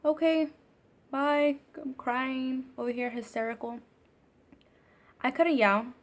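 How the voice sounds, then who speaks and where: A woman's voice: fairly high pitch, level tone, unhurried. A woman telling a ghost story in a storytime vlog, casual and profane, filling her sentences with "like". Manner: casual and profane, heavy use of filler "like". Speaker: vlogger.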